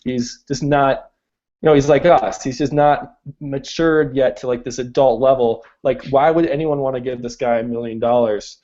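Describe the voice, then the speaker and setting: A man's voice: mid-range voice, steady tone, normal speed, darkish tone. Hesitant young man, lo-fi podcast audio. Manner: hesitant, many restarts and fillers. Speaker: podcast co-host. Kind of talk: casual chat. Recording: dull lo-fi recording.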